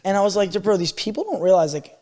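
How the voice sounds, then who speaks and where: A man's voice: high voice, animated, fast, darkish tone, long reverb tail. A man co-hosting a podcast, telling stories animatedly and swearing freely in casual chat. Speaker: podcast co-host.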